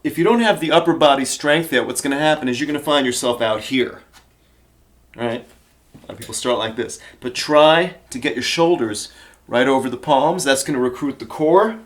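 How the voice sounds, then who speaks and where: A man's voice: mid-range voice, moderate pace. A male fitness trainer demonstrating exercises, encouraging beginners and counting reps aloud while getting out of breath.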